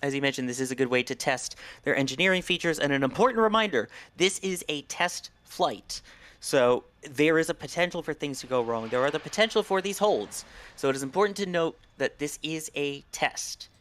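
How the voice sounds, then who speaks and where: A man giving live launch commentary in a measured, informative way, with a few fillers. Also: on the high side, animated, a bit bright.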